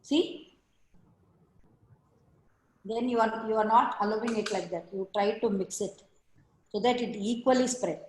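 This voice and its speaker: Woman, art teacher, patient step-by-step, slightly high voice, echoey room on a video call. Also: unhurried, pauses often, slight background noise. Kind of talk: online art class demonstration.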